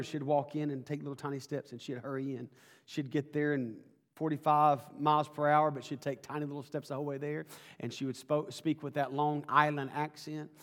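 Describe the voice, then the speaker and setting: A man's voice: a little high, in a large hall. A man preaching a sermon as pastor, folksy and conversational at first, then rising into fervent preaching.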